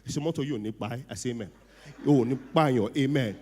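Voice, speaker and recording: A middle-aged man with a Nigerian accent tells a funny story at a ceremony, animated and often laughing, dropping to a hushed voice for quoted lines. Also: mid-range voice, fast talker, breathy edge. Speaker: speaker at a ceremony. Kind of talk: humorous storytelling speech. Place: event hall. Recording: long hall reverb.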